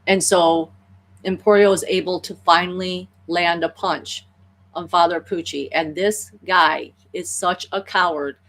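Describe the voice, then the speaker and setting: A woman casually retelling an anime plot as a spiritual vlogger, animated and rambling with restarts. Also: lowish voice, measured pace.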